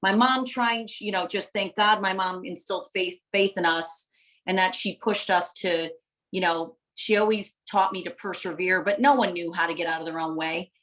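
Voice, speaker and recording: A woman's voice: lowish voice, steady tone, moderate pace, fairly bright tone, poor audio. A middle-aged woman giving a live motivational talk to viewers, passionate and preacher-like, driving points home with emphatic repetition. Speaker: motivational speaker and coach.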